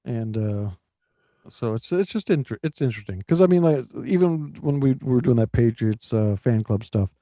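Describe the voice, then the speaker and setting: A man co-hosting a casual chat, rambling and halting with many restarts. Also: mid-range voice, expressive, dark tone, dry recording. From United States. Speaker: podcast co-host. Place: Florida.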